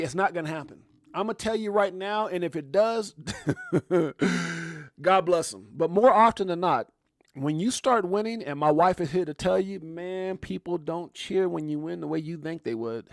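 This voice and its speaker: Animated livestream host, a man. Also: high voice, moderate pace, dry recording, clean studio sound. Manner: animated, talks directly to viewers with shout-outs. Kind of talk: casual livestream commentary.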